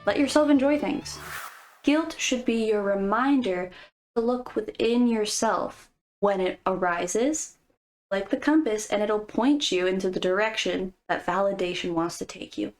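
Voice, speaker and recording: A woman's voice: mid-range voice, unhurried, faint music behind. A woman vlogger giving casual, playful commentary with jokes and asides. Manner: playful, jokey, conversational.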